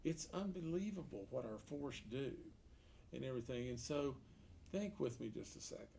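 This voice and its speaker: A man's voice: mid-range voice, animated, moderate pace, gravelly, mellow, slight background noise. A man, a political candidate answering an editorial board in a folksy, emphatic way, repeating words and asking rhetorical questions. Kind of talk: unscripted interview answer. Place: meeting room around a table.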